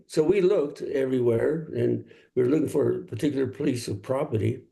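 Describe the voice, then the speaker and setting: A man's voice: medium pitch, fairly quick, creaky, hardly any pauses, dark tone. An older man from Los Angeles, a singer-songwriter guest, telling easygoing, rambling stories in a casual interview.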